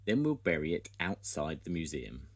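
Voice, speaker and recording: A man's voice: very deep voice, sing-song, moderate pace, husky, exaggerated voice. An older man reading a storybook aloud, voicing a helpful young woman builder who explains plans eagerly. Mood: explaining.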